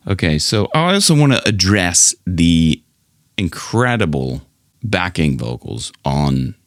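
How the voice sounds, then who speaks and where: A man's voice: low voice, big pitch swings, takes it slowly, no room sound, clean studio sound. A man working as a vocal coach, teaching a singing lesson in a friendly, explanatory way and laughing often.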